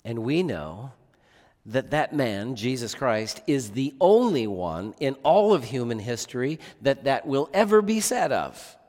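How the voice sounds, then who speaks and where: A man's voice: mid-range voice, very animated, a little slow, darkish tone. A man preaching a sermon as pastor, earnest, often asking the listeners rhetorical questions. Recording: long reverb of a large hall.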